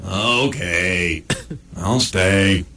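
A man's voice: low-pitched, drawn-out words, bright, forceful tone, full character voice. A man voicing a crude, sarcastic male dog in a cartoon, with a swaggering, foul-mouthed manner. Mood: grumpy. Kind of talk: cartoon voice acting.

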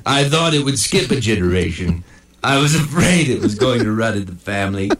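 A man's voice: lowish voice, lively intonation, brisk, fairly bright tone. A man voicing a foul-mouthed cartoon dog. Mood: rattled. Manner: sarcastic, crude and swaggering. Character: crude, foul-mouthed adult male dog. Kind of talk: cartoon voice acting.

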